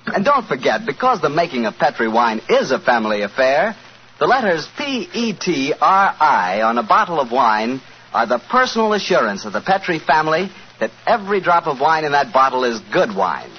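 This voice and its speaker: A man's voice: fairly high pitch, big pitch swings, moderate pace. A man announcing in 1940s radio style, with a breezy, jokey sales patter. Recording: dull old radio broadcast with faint hiss.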